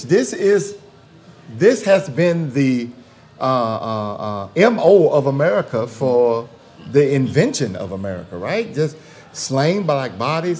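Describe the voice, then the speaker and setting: Guy in an interview, higher voice that swoops around a lot, emphatic, keeps repeating phrases. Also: a little mellow. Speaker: guest theologian. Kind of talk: conversational interview.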